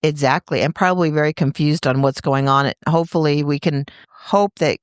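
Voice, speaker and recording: A woman's voice: sits low, brisk, dry recording, clean studio sound. A middle-aged woman co-hosting a podcast, speaking in a thoughtful, earnest and supportive way. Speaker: podcast co-host. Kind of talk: casual podcast chat.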